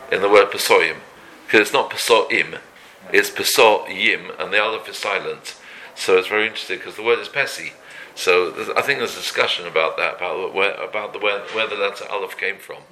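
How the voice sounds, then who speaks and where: A man teaching a daily religious law class, halting often and mixing Hebrew terms into his talk. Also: on the low side, sharp tone, a little hiss or hum, rough recording.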